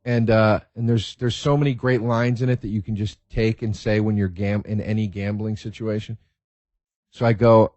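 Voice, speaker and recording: A man hosting a podcast, telling stories in a casual, profane, excitable way and laughing as he talks. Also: lowish voice, no echo, dull audio. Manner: profane, excitable storyteller who laughs mid-sentence. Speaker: podcast host. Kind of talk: casual storytelling.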